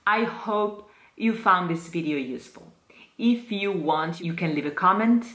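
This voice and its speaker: Slow, careful Italian-accented woman teacher. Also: on the low side, lively intonation, fairly bright tone, roomy sound. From Italy. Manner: models words slowly and repeats them. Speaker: Italian diction teacher for singers. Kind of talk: slow, careful diction lesson.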